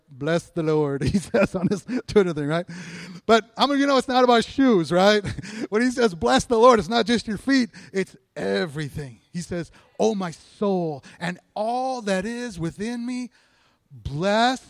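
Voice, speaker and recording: A man's voice: high-pitched, no room sound, studio quality. A man preaching a sermon in a church, talking casually with the congregation, asking questions and chuckling often. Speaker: pastor. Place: church sanctuary.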